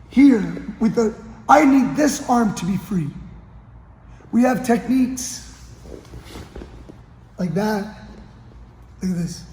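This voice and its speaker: A man with a very high, warm voice coaches a grappling technique on the mats of a training gym, often checking in with his partner as he demonstrates. There's slight background noise and the echoey gym gives a long reverb.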